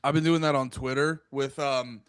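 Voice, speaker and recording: A man's voice: medium pitch, steady tone, normal speed, a bit bright, smooth, no echo, studio quality. A young man co-hosting a comedy podcast, riffing crudely and mocking in casual chat. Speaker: podcast co-host.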